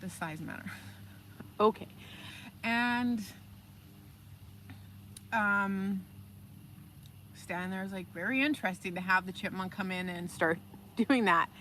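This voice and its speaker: A woman hosting a live stream, telling stories in a casual, animated way and reading out viewer comments. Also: mid-range voice, unhurried, pauses often, slight background noise. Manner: animated, chatty, reads viewer comments aloud. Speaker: livestream host.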